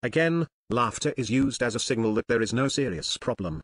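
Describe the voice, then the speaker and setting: A man giving scripted, deadpan comic narration in a dry, lecturing tone, like an outsider explaining things. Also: mid-range voice, a little fast, no room sound. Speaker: narrator of an educational series.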